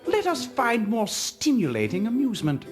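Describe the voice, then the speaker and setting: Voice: medium pitch, huge pitch swings, normal speed. A voice actor playing a pompous, formal-speaking young student in a game cutscene, heard as game audio with music underneath. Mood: haughty.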